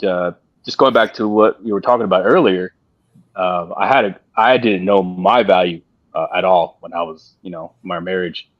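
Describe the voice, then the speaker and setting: A man talking on a panel in a casual discussion, halting and repeating himself with many fillers. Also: low voice, dry recording. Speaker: panel guest. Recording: dull dry lo-fi sound.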